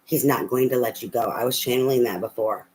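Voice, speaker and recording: Brief: swearing, animated tarot reader in casual talk, middle pitch, faint ambient hum. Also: fairly quick, rough recording. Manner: blunt, profane, animated. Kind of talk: casual spoken tarot reading.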